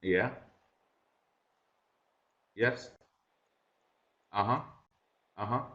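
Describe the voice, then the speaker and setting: A man's voice: fairly low pitch, pushed and bright. Patient male teacher on lo-fi video call. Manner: patient, repeats questions and instructions slowly. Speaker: English teacher. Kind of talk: online class instruction. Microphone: computer mic on a video call. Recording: dull lo-fi video call audio.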